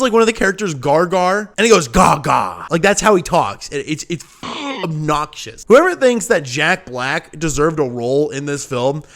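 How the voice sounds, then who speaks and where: A man's voice: high-pitched, a bit bright. A young man giving an exasperated, rambling film review in a ranting video. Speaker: movie reviewer.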